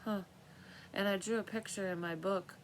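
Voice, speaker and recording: A woman's voice: medium pitch, steady tone, moderate pace, a little hiss or hum, poor audio. A woman telling her dreams in a casual, rambling monologue, swearing freely and often trailing off and restarting. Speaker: vlogger sharing dream readings.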